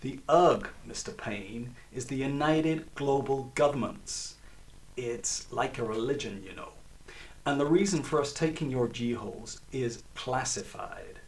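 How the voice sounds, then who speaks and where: A man doing a deadpan government agent. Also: mid-range voice, a little slow, natural voice. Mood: officious. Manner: flat, officious delivery. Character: stern tall male government agent, deadpan. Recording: distant mic.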